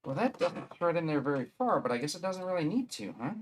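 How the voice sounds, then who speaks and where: A man's voice: fairly high pitch, sing-song, fast talker, slight background noise. A man with a Wisconsin accent chatting casually on a live stream, rambling and thinking aloud as he assembles a 3D printer.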